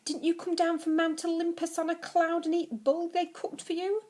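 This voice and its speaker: A woman's voice: extremely high pitch, little pitch movement, moderate pace, a little mellow, voice pushed up. A woman voicing a cheeky eight-year-old boy who talks in a patient, matter-of-fact way. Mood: curious.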